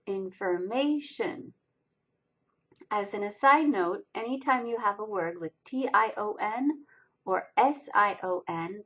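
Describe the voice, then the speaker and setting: A woman's medium-pitched, fairly bright voice guides a slide-based recorded lecture on college reading skills. She explains pronunciation, slowly and deliberately stressing every syllable, over poor audio.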